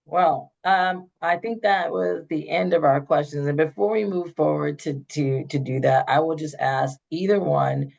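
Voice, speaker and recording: A forum moderator asking questions in a halting way with many fillers, heard over a video call. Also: medium pitch, gravelly. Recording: dull lo-fi video call audio.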